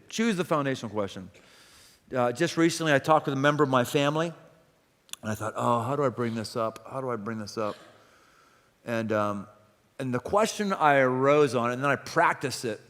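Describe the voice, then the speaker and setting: Man, pastor, emphatic sermon, bright forceful voice, big church room. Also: mid-range voice, big-room sound. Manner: emphatic, rising to loud repeated exclamations. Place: church auditorium.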